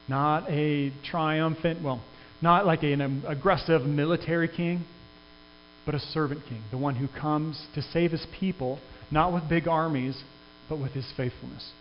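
A male pastor delivers a conversational sermon in a somewhat higher voice, often restarting his sentences as he goes. His voice rings with a long reverb in a church, and the recording is a little dull with a faint mains hum behind it. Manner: conversational, earnest, with frequent restarts.

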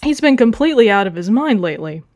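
A woman's voice: fairly high pitch, very animated, quick pace, a little mellow. A woman reading the lines of a polite, chatty male animal villager from a story.

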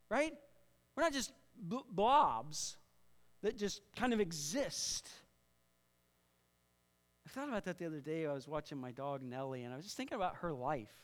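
A man with a notably high voice preaches to a congregation in a casual, conversational way, often repeating and restarting phrases. He draws the room in with call-and-response. His voice rings with long reverb from a large church hall. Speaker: pastor. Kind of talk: sermon. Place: church sanctuary.

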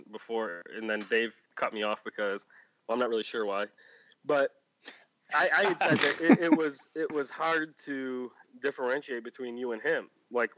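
A man's voice: medium pitch, dry recording, highs cut off. A man hosting a podcast in casual chat from Illinois, rambling and correcting himself as he goes. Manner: relaxed, rambling, self-correcting. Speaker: podcast host.

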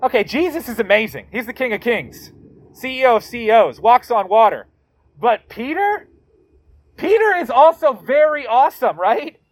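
A man's voice: very high-pitched, sing-song, moderate pace, slight background noise. A male pastor giving a sermon in a conversational, emphatic way, with casual slangy asides as he reads and retells a Bible passage.

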